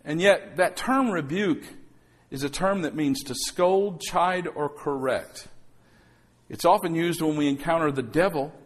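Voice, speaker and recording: Speaking at a measured pace with a fairly high voice, a male pastor delivers a sermon in the church sanctuary. He acts out quotes and calls on the congregation for amens.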